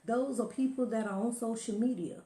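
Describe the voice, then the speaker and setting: A woman's voice: on the high side, normal speed, warm tone. Preachy woman motivational speaker, roomy sound. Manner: preachy, emphatic, calls listeners honey. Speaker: motivational live-stream host. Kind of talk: motivational talk to viewers.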